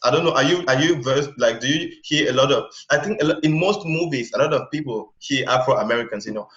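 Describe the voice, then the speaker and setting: A man from Cameroon chats as a guest in an interview, lively and full of fillers and restarts. His voice sits in a middle register and sounds roomy and a little dull, as if recorded with a modest setup. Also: mid-range voice, fast talker. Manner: animated, lots of fillers and restarts. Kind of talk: casual interview chat.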